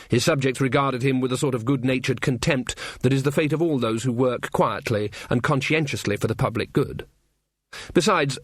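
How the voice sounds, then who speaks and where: A man reading a novel aloud as an expressive audiobook narrator. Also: medium pitch, no echo, clean studio sound. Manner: expressive storytelling. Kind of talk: scripted narration.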